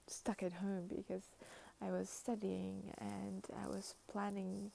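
Slow, heavily gravelly young woman. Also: medium pitch, monotone, mellow, a little hiss or hum, low-quality recording. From Ukraine. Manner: halting and reflective, many fillers. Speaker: vlogger. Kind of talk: casual personal vlog. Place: outdoors at a snowy train station.

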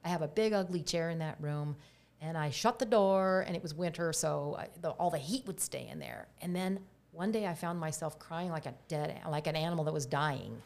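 A middle-aged woman speaks as a guest, her voice low and gravelly with a husky fry. She tells stories candidly and reflectively, and at times her voice drops almost to a whisper. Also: normal speed, few pauses, darkish tone. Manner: reflective, open, drifts to a near-whisper. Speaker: guest, herbalist. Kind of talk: candid personal storytelling.

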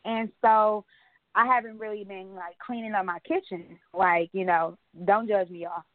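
A woman co-hosting a podcast, telling stories in casual chat, animated and laughing often. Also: medium pitch, normal speed, no echo. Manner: chatty storyteller, animated retellings, frequent laughs. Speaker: podcast co-host. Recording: tinny phone-line sound.

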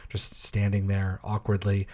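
A man with a slightly low voice talks his way through a story in easy podcast chatter. He is wry and offhand and keeps cracking dry asides. Fillers and little restarts pile up as he goes. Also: monotone, unhurried, dark tone. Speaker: podcast co-host. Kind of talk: casual chat.

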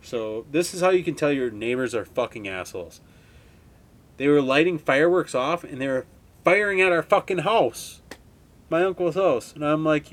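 Young man, twenties, from Wisconsin, podcast host, casual storytelling, profane, rambling, laid-back. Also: medium pitch. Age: 20s.

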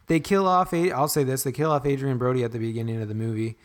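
A man's voice: medium pitch, fairly even intonation, quick pace. A young man co-hosting a podcast, talking in a rambling, self-deprecating way with frequent restarts. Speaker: podcast co-host. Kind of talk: casual podcast chat.

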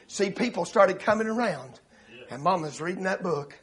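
A male preacher telling a story in a sermon, swelling into shouts and laughter. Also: sits high, lively intonation, moderate pace.

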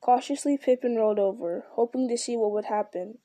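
A woman narrating an audiobook in a steady, even storytelling voice. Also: on the high side, brisk, no room sound. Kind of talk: audiobook reading.

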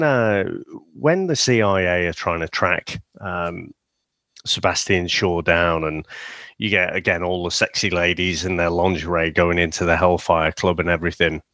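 Co-hosting a laid-back film review podcast, a man rambles through the plot, laughs a lot, and slips into silly voices. His voice is low with a sharp tone, and the recording is dry with a clean studio sound.

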